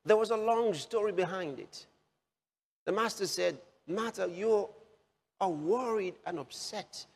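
A man preaching a sermon, slowly repeating key phrases for emphasis. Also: high-pitched, vocal fry, slightly rough. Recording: long hall reverb.

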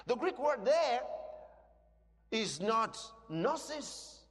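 Male preacher, high and lively voice, emphatic sermon with shouted peaks, long hall reverb. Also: drawn-out words. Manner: emphatic, swings from quiet teaching to shouted declarations; asks the congregation questions.

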